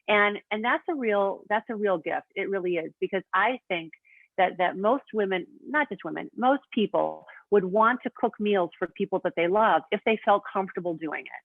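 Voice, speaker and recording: A woman in her fifties, a cooking coach chatting in a casual interview, lively as she acts out bits of family dialogue. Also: mid-range voice, normal speed, no echo. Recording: tinny phone-like line, dry.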